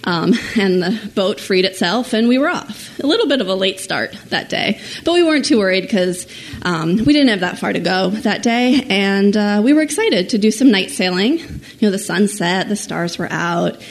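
A woman telling a personal story to an audience in an animated, self-mocking way, laughing at herself as she goes. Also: medium pitch, moderate pace.

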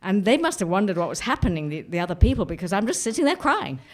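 A woman's voice: medium pitch, big pitch swings, fast talker. Woman, personal anecdote, dramatic retelling, repeats words for effect. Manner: vivid, dramatic, repeats herself. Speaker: storyteller.

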